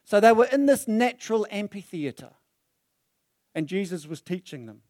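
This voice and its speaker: Speaking at a moderate pace, a man preaches with plenty of energy, his voice rising and falling as he acts out the story in different voices. His voice is slightly high for a man, and the handheld or stand mic picks it up close and dry, with no echo.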